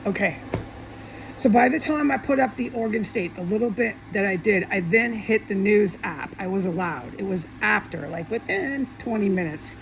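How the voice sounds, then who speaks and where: A woman's voice: medium pitch, moderate pace, vocal fry, slight background noise, rough recording. A woman talking alone in an angry, profane, repetitive monologue, speaking to viewers from her home. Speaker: vlogger.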